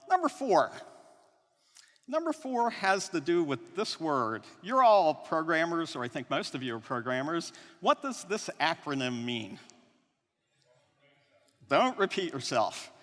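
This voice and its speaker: A man gives a lively conference talk in a large hall. His voice sits fairly high and swings widely in pitch, and a long reverb trails each phrase. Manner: animated, conversational, often adds "right?". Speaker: conference speaker.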